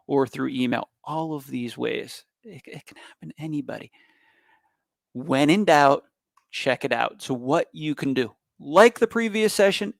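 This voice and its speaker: A man giving a cybersecurity talk in an emphatic, animated manner, with bursts of loud stress. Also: mid-range voice, gravelly, dry recording, clean studio sound. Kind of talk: public presentation.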